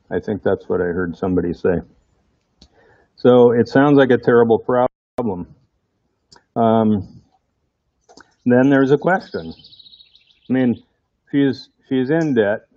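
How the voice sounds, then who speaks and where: A man's voice: on the low side, measured pace, long pauses, no echo, highs cut off. A man preaching a sermon in a conversational way, often putting rhetorical questions to his congregation.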